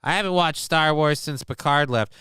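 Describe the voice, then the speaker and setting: Guy streamer rambling at his chat, bright crisp voice, swears a lot, pokes fun at himself. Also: on the high side, moderate pace, dry recording, studio quality. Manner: rambling, sweary, self-mocking. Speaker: streamer host. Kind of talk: casual live-stream chat.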